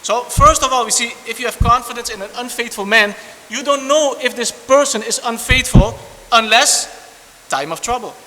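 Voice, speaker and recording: A man preaching a sermon, animated and repetitive, restarting phrases and breaking into asides. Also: very high-pitched, moderate pace. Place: church hall. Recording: long church reverb, faint hiss.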